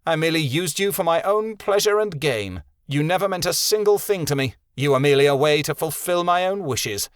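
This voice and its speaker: A man's voice: fairly high pitch, animated, a little fast, hardly any pauses, smooth, no room sound, pitched above the performer's own voice, natural voice. A cruel tyrant king from a fantasy audiobook, cold and contemptuous, sneering through each line. A male narrator voices him in a dry, close recording.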